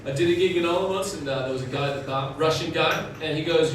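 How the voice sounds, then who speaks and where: A fairly high-voiced man works through a stand-up set, landing jokes deadpan and teasing the front row. The sound is distant and echoing, with steady noise filling the room around him. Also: quick pace, few pauses. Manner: deadpan joke delivery, chatting with the front row. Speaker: stand-up comedian. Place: comedy bar venue, indoors. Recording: echoey, distant, noisy room recording.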